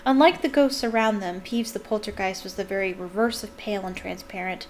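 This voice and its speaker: A woman giving an expressive, dramatic reading of a novel, shifting emphasis with the story. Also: medium pitch, brisk, a little hiss or hum, poor audio. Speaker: reader.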